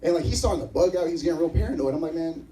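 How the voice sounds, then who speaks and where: A young man does a stand-up set at a live comedy venue, telling stories with animated energy and acting out the other people in them. His voice is on the high side and rapid-fire. The mic is distant and the recording quality is low.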